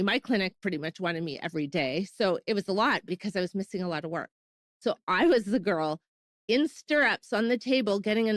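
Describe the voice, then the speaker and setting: A woman's voice: on the low side, no echo. A Canadian woman in her thirties, hosting a podcast and candidly recounting her personal fertility story in a casual, emotional way, often acting out what people said. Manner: candid, emotional retelling with quoted dialogue.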